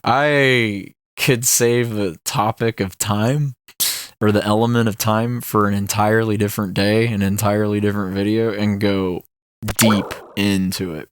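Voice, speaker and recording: A young man with a fairly low voice hosts his own podcast. He rambles through ideas with plenty of ums and likes. The recording is dry and close, with no room sound. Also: smooth, dry recording. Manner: rambling, filler-heavy, musing about ideas. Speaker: podcast host. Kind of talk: casual solo podcast talk.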